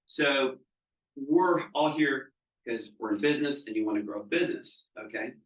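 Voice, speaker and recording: A man's voice: mid-range voice, moderate pace. Man coaching a group in a roomy hall. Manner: conversational, checks in with the audience. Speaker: business coach. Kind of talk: live training talk to a group. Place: training seminar room. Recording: roomy room, mic at a distance.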